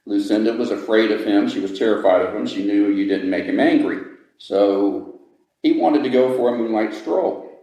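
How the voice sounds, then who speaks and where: A man's voice: on the low side, normal speed, mellow. A man telling a ghost story to visitors inside an old jail, pacing it dramatically and lingering on grisly details. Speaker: ghost story teller and guide. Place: old jail building, indoors. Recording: echoey room.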